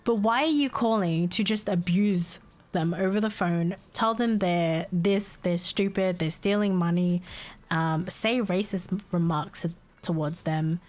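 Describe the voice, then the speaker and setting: A woman's voice: fairly low pitch, measured pace, a little mellow. Exasperated young woman streamer. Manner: exasperated venting, laughs often, swears. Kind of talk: casual chat with stream chat.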